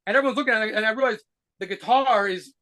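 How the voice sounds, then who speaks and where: A man telling rapid, profanity-laced stories as a guitarist being interviewed. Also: high voice, bright, forceful tone. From United States. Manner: rapid profane anecdotes with laughs. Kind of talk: fast storytelling interview.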